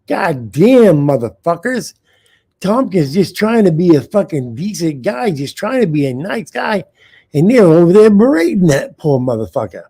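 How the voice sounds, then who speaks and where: A man's voice: high voice, very animated, normal speed, breathy edge. A man hosting a live uncensored show, ranting with heavy swearing and calling out to viewers in the chat. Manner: loud, profane, talks straight to the chat. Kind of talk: profane live-stream rant.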